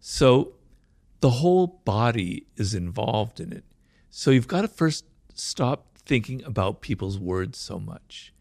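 A man explaining ideas as a guest in an interview. He talks fast and with animation and keeps asking rhetorical questions. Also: medium pitch, big pitch swings, vocal fry, darkish tone, no room sound, clean studio sound.

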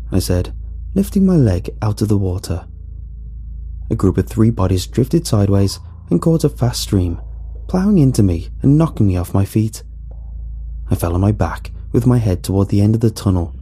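A man narrating a first-person horror story in a measured, dramatic storytelling manner, with a husky voice. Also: fairly low pitch, mellow. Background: faint background music.

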